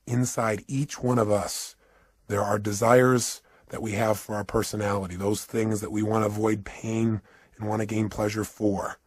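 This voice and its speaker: Male motivational speaker, husky voice, dramatic storytelling, dry close sound. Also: lowish voice, flat delivery, moderate pace, no echo. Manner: dramatic, building, swings from hushed to urgent.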